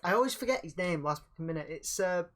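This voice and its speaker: A man's voice: sits high, expressive, fast, background noise. A young man co-hosting a podcast, bantering with frequent laughs and swearing. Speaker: podcast co-host. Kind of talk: casual chat.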